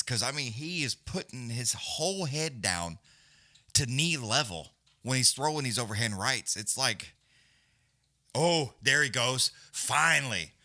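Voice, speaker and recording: A man's voice: mid-range voice, pushed and bright, dry recording, studio quality. A man giving loose, profane, casual live fight commentary as a companion-stream host. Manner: profane, blunt, loose, Southern-leaning slang.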